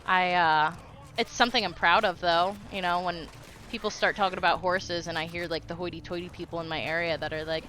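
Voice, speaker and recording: Bright-voiced chatty woman streamer. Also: on the low side, steady tone, a little fast, a little hiss or hum. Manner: chatty, laughs often while telling stories. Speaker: live streamer. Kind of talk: casual chat while streaming a game.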